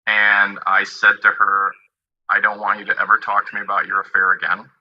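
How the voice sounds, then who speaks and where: A low-voiced man with a husky, strained edge, telling his side of a dispute. He halts and restarts, quoting past exchanges. The sound is dull and lo-fi. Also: completely flat delivery. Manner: halting, quoting past talks. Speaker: party in a dispute. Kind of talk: personal account.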